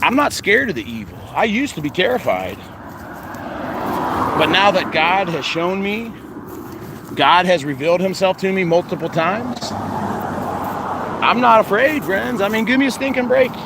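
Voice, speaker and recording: A man's voice: high voice, sing-song, moderate pace, long pauses. A man talking earnestly and rambling to his viewers outdoors, filming himself on a phone. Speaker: vlogger. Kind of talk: casual monologue to viewers. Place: outdoors, windy cemetery grounds. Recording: noisy outdoor recording with wind.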